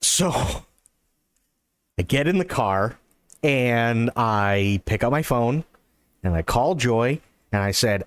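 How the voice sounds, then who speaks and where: Excitable man telling a story on stream. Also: mid-range voice, takes it slowly, long pauses, clear, resonant tone. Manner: animated and excitable, swears often. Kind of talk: casual storytelling.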